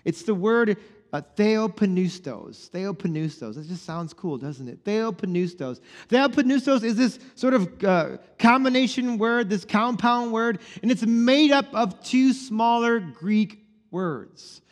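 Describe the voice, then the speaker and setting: A man preaching a sermon, animated and playful, explaining words and acting out little scenes. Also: sits high, slow pace, long reverb tail. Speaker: pastor.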